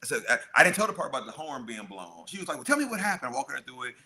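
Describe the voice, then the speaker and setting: A man's voice: medium pitch, sing-song, very fast, sharp tone. A middle-aged man co-hosting a podcast, telling a story in casual chat and acting out the people he quotes. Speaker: podcast co-host.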